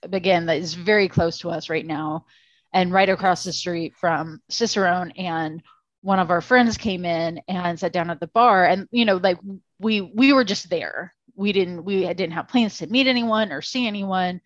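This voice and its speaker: A woman co-hosting a podcast in casual chat, tired and gravelly voiced, rambling with lots of fillers and restarts. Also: on the low side, normal speed, no echo, muffled recording. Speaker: podcast co-host.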